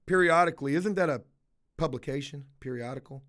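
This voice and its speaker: A man's voice: fairly high pitch, a little fast, fairly bright tone. A man telling a story straight to camera as a vlogger, blunt and exasperated, with plenty of swearing. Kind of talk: casual storytelling rant to camera.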